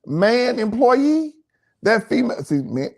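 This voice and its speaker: Animated, preachy man co-hosting. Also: extremely high pitch, takes it slowly. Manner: repetitive, preachy, emphatic. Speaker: pastor and co-host. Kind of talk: relaxed teaching chat.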